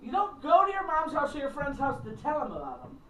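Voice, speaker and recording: A woman's voice: high voice, wildly swooping pitch, fairly quick, pushed and bright. A middle-aged woman minister and counselor giving a casual, blunt and candid teaching talk to a small group, acting out phone calls. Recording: roomy, distant mic, faint background noise.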